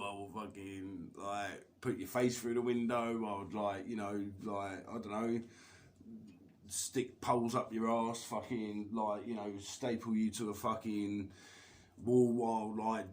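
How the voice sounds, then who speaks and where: A man telling a long rambling story on a live stream, swearing constantly and laughing between lines. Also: on the low side. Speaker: livestreamer.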